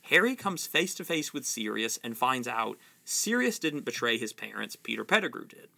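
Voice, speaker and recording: Gravelly man giving book analysis. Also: medium pitch, sing-song, moderate pace, bright, forceful tone. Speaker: literary commentator.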